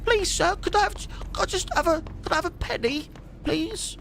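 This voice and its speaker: A British man voicing a pleading young Victorian chimney sweep boy, begging in a high whine. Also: normal speed, gravelly, a bit bright, a little hiss or hum, full character voice.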